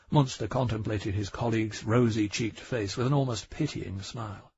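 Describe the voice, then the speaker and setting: A male audiobook narrator reading a crime novel in a steady, measured way. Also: on the low side, husky, no echo. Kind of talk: scripted narration. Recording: dry, dull audiobook recording.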